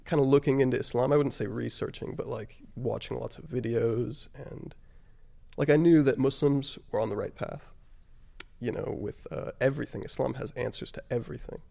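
This interview guest has a distinctly gravelly, fry-tinged voice at a normal middle pitch as he shares a personal story in a relaxed way. He pauses and reflects often, leans on fillers like "you know" and "like," and quiets down when the subject turns weighty.

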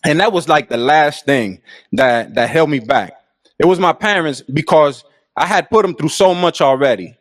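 A man's voice: a little high, normal speed, dry recording, clean studio sound. A middle-aged man telling his own life story in an earnest, reflective and casual way. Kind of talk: personal storytelling.

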